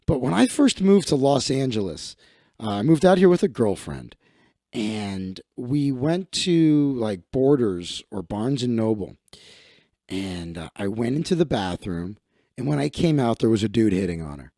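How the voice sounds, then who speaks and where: A man's voice: expressive, a little slow, mellow, no room sound, clean studio sound. A man from Chicago hosting a livestream in a casual comedic rant, swearing and acting out other people. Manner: swearing, acts out others in higher voices. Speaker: livestream host.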